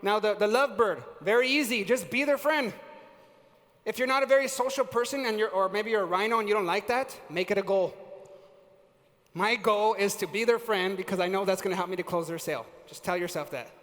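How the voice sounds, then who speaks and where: A man giving an energetic live seminar on sales and leadership, quizzing the audience and using casual slang. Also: high-pitched, fairly quick. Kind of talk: live motivational seminar talk. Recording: reverberant hall.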